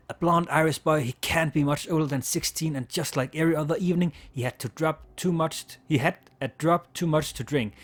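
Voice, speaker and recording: Guy reading a text game out loud, trips on big words, laughs a lot, swears here and there. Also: on the high side. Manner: stumbles over words, laughs, swears casually. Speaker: game player reading aloud. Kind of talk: casual let's-play narration.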